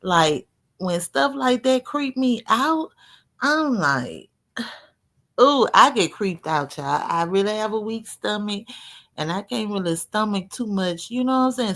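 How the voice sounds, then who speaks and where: A woman in casual live-stream chat, rambling through a story with big swings in pitch and loudness. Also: expressive, measured pace.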